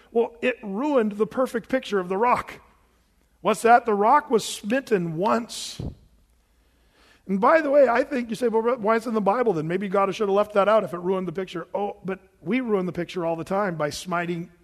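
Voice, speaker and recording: Male pastor, high voice, sermon in a church with long reverb, dramatic retelling. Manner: rhetorical questions and dramatized retellings.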